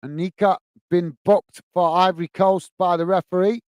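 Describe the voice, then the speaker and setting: A man hosting a football watch-along, commentating on the match and chatting warmly with viewers in the chat. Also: sits high, fairly even intonation, moderate pace, clean tone, no echo. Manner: chatty, says "mate" a lot, reads chat messages aloud.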